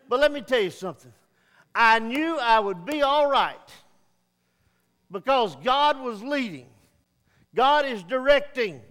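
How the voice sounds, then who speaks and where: A man's voice: very high-pitched, fairly bright tone. A middle-aged male pastor preaching a sermon in a church sanctuary, folksy and plain-spoken, swelling into emphatic peaks. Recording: long reverb of a church hall.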